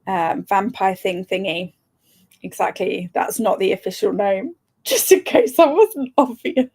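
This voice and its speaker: A woman's voice: mid-range voice, lively intonation, unhurried, darkish tone, slightly rough. A young woman hosting a live stream, chatting casually, laughing often and answering viewer comments. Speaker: livestream host.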